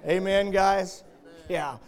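A middle-aged man preaching a sermon in a church, telling folksy stories and building up to loud, shouted emphasis. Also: sits high, fairly even intonation, slow, some chatter behind.

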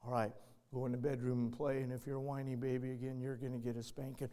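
Stern young dad scolding his boys, firm and measured, a touch lower and quicker, as a preacher puts him on. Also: level tone, warm tone, natural voice. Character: stern young father disciplining his sons.

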